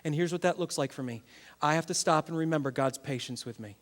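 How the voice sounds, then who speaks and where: A man in his thirties, a pastor preaching a sermon to his church, swinging between loud bursts and quiet, earnest passages. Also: fairly high pitch, fast talker.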